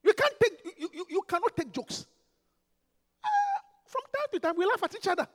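Pastor guy, really high voice, preaching hard and bouncy, echoey church hall. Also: fairly quick. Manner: emphatic, animated preaching with rhetorical questions. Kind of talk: sermon.

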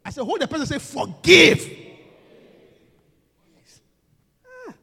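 A man preaching a sermon, calling out questions to the congregation and swinging from soft talk to shouting. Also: extremely high pitch, huge pitch swings, fast. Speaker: pastor. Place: church hall. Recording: reverberant church hall.

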